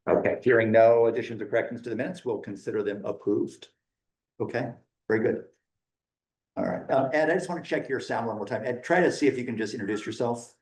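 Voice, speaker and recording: A man's voice: mid-range voice, quick pace, a little mellow, reverberant, rough recording. A man chairing a hybrid public meeting, running it in an informal, joking and friendly way. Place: meeting room.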